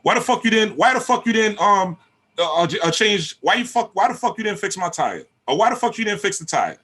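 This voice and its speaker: Guy doing a high screechy angry girlfriend yelling and cussing. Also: sing-song, fairly quick, breathy edge, full character voice. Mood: furious. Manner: cursing, barking and screaming. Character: angry woman yelling at her man.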